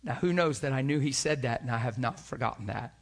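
A man preaching a sermon, telling a personal story and acting out the dialogue with lively, shifting energy. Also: fairly quick, gravelly. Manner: animated storyteller acting out dialogue, pitch jumping up when excited. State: crying while retelling.

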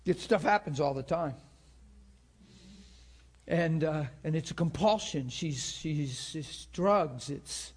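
A middle-aged pastor preaches through a personal story, his slightly raised voice full of feeling. He acts out each person's lines as he tells it, swinging between hushed moments and louder bursts. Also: fairly high pitch, unhurried, pauses often, breathy edge. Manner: emotional, acts out both sides of a story. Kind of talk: sermon storytelling.

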